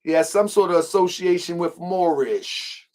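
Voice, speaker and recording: A man's voice: high-pitched, normal speed, a little mellow. A man hosting a heated commentary, repeating his points emphatically and confrontationally. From Baltimore, US. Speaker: host.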